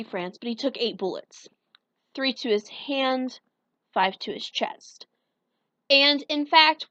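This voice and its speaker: A young woman vlogging casually, running through a list of facts, chatty and enthusiastic, with fillers and quick self-corrections. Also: sits high, fairly bright tone, no echo, dull audio. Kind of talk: casual countdown vlog.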